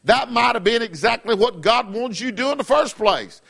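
A man's voice: very high voice, lively intonation, normal speed, gravelly, a bit bright. A middle-aged man preaching a fiery sermon as pastor, in an emphatic, repetitive cadence.

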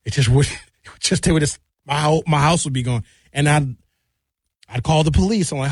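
A fairly high-voiced man riffs on a comedy radio show. He rambles, restarts his sentences and swings his pitch up and down as he goes. The studio sound is dry and close. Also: fairly quick, husky, dry recording. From Milwaukee, USA. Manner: rambling, animated, jumps between high and low pitch.

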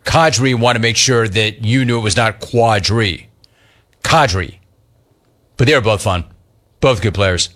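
A man hosting a sports talk radio show, ribbing his co-hosts with emphatic, animated banter and repeated catchphrases. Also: lowish voice, normal speed. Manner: emphatic, mocking and animated, repeats phrases for effect.

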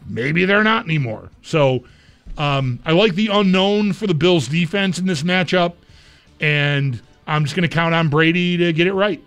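A man's voice: a little high, moderate pace, a bit bright, clean tone, faint music behind. A man co-hosting a sports radio show, chatting casually and thinking his picks through aloud. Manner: conversational, mulling picks aloud.

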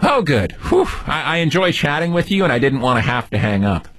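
A man's voice: medium pitch, sing-song, brisk, a bit bright, dry recording. A man hosting a radio call-in show, teasing and joking with a caller. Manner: playful, teasing. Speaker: radio host.

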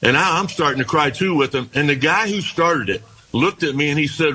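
An older man, a former baseball pitcher, telling long rambling anecdotes in a casual interview, often restarting his sentences. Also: expressive, brisk, few pauses, bright, forceful tone, husky, poor audio. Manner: rambling anecdotes with repeated starts and quoted dialogue.

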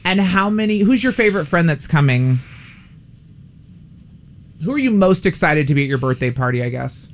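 Animated woman radio co-host. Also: moderate pace, pauses often. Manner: animated, teasing, squeals high when excited. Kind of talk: playful radio banter with a child guest.

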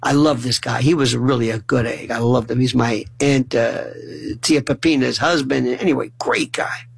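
A middle-aged man telling funny family stories in a lively way, often stumbling and restarting his words. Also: mid-range voice, moderate pace, creaky, breathy edge, low-quality recording. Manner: animated, acts out family dialogue in shifting voices. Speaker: storyteller. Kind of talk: humorous personal storytelling monologue.

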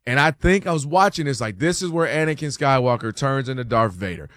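A man hosting a sports talk show, arguing his point in casual debate and acting out quoted fans and players in a higher voice. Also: lively intonation, fairly quick, fairly bright tone, no echo, clean studio sound.

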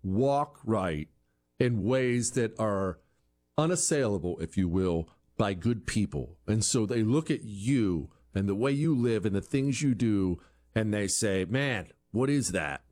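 A man's voice: fairly low pitch, expressive, measured pace, darkish tone. A man giving an opinion monologue, asking rhetorical questions and acting out quoted voices, often repeating words as he restarts. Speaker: commentary show host.

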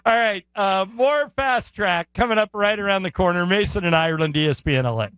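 Higher-voiced man telling a story. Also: brisk, noisy background. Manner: animated storyteller, acts out voices. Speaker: sports radio co-host. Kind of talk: storytelling on a radio show. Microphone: studio mic.

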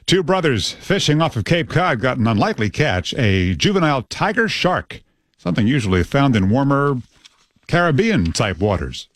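A male radio news anchor reading headlines in a crisp, measured newscast style. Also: medium pitch, very animated, no room sound.

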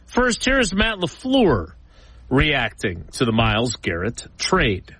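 Animated male sports talk host. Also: medium pitch, slow, slightly rough, dry recording, low-quality recording. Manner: lively, mimics players in jokey voices.

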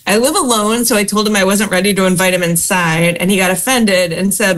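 Woman co-hosting an advice chat, reads out listener letters, relaxed and chatty. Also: medium pitch, fairly quick. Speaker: advice show host reading letters. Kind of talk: casual group chat.

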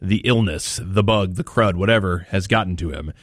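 Chatty low-voiced radio host. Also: male voice, moderate pace, no echo, studio quality. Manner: chatty, thinks aloud with fillers and asides. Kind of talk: conversational political commentary.

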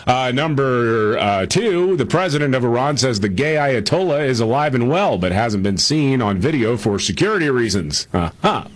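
A man's voice: mid-range voice, animated, normal speed, few pauses. A man co-hosting a radio show, running through the day's news with chuckles and frequent fillers. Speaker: radio co-host reading news. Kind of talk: news rundown with banter.

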